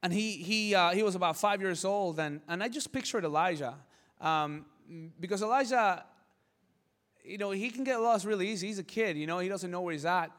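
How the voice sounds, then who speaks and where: A man preaching with passion in a high voice, repeating key words and telling stories along the way. His voice carries in a hall with a long, ringing reverb. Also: brisk, a bit bright. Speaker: pastor. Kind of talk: sermon.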